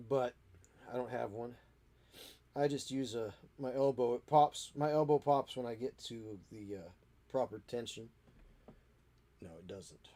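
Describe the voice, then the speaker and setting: A man's voice: mid-range voice, measured pace, pauses often, dark tone. A man with a stuffy, sniffly nose chatting casually and wryly while building models at home, grumbling about the kit. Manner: wry, self-mocking, grumbles at the kit. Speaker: miniature model hobbyist. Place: home hobby space.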